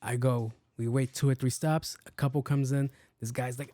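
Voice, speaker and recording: A man's voice: medium pitch, fairly even intonation, a little fast, dark tone, no echo, studio quality. A young man, hosting a podcast and telling profane, joking stories in a casual style. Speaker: podcast host. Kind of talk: casual storytelling.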